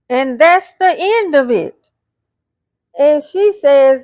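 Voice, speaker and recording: A woman's voice: high voice, expressive, slow, a little mellow, dry recording. A woman recapping a reality TV episode scene by scene, reading out what the cast said and adding blunt asides. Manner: retells scenes, reading out the cast's lines.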